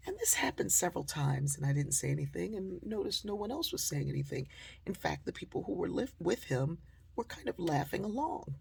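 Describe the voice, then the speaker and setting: A woman giving a storytelling talk, animated and acting out the dialogue she quotes. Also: lowish voice, a little fast, gravelly, slightly rough. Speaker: motivational speaker.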